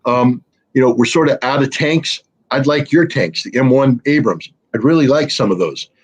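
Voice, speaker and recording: A man putting on a needy, wheedling president voice. It asks for more and more in a pushy, begging tone. The sound is husky and muffled, like lo-fi stream audio. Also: mid-range voice, moderate pace, natural voice. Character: pleading wartime president, middle-aged man.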